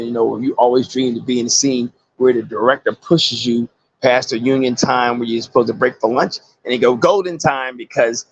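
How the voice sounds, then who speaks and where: A man and actor, a guest in an interview, telling animated stories and acting out the voices of people he quotes. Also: mid-range voice, husky, lo-fi sound. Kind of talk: casual interview storytelling.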